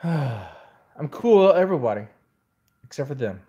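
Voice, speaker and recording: A man's voice: medium pitch, lively intonation, normal speed, lo-fi sound. A man venting in a casual vlog, telling a rambling story in an exasperated way. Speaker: vlogger.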